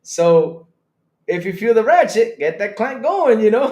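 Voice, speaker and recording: A man's voice: sits high, normal speed. A man hosting a casual live stream, talking straight to his chat, swearing and breaking into laughter all the time. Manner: talks to chat directly, animated and excitable. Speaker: streamer host. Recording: roomy echo.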